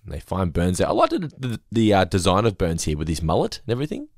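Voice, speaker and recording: A man's voice: low-pitched, wildly swooping pitch, fast talker, dry recording, clean studio sound. A man co-hosting a casual episode-review podcast, recapping scenes and acting out quoted lines. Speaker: podcast co-host.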